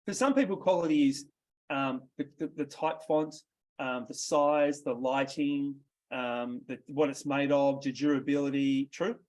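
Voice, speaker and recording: A man's voice: mid-range voice, steady tone, measured pace, a little mellow. A man with an Australian accent coaching a sales workshop, direct and quizzing his group as he goes. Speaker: sales trainer.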